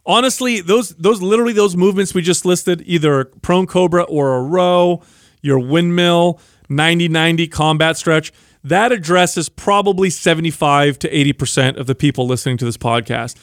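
Slightly high man giving exercise steps. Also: moderate pace, dry recording, clean studio sound. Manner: instructive, walks through exercises step by step. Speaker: podcast co-host. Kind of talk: casual fitness podcast chat.

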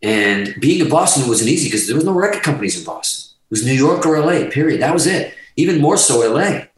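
A man's voice: mid-range voice, animated, fast, echoey room, far from the mic, poor audio. A man telling his story as a podcast guest, emphatic and rambling and swearing freely. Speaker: guest musician. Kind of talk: candid storytelling in a podcast interview.

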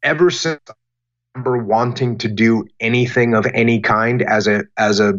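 A man answering interview questions about leadership in a deliberate, emphatic way, often repeating phrases for emphasis. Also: mid-range voice, fairly even intonation, fairly bright tone, muffled recording. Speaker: guest, former military leader.

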